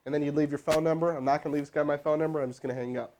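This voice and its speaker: A man hosting a live stream, teaching cold calling and rallying viewers in the chat in a loud, animated way. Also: on the high side, very fast. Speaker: host doing live sales calls.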